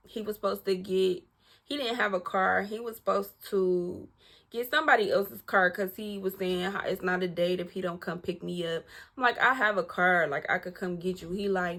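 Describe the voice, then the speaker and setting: Woman vlogger, mid-range voice, lively profane storyteller who acts out every quote. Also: medium pitch. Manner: animated, profane, acts out dialogue, addresses viewers as y'all. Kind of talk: casual storytelling to camera.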